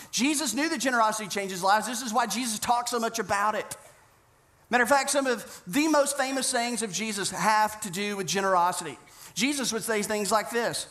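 A man's voice: high voice, lively intonation, brisk, bright, forceful tone. A man pastor preaching a sermon, earnest and conversational, telling stories with frequent restarts.

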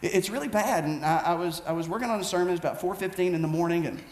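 A man preaching a storytelling sermon as pastor, animated and self-mocking, with many quick restarts. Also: high voice. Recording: echoey room with faint background noise.

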